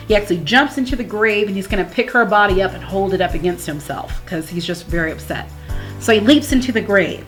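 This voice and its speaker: A woman explaining a play in a casual teaching manner, reading verse slowly and then paraphrasing it plainly. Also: mid-range voice. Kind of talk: explanatory read-through of a play. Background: soft background music.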